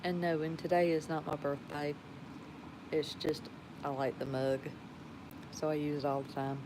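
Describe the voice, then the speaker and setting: A woman's voice: low voice, little pitch movement, background noise. A woman from Georgia with a Southern drawl, chatting casually and folksily with viewers on a livestream from home at night. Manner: slow, folksy, laughs often. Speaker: livestream host.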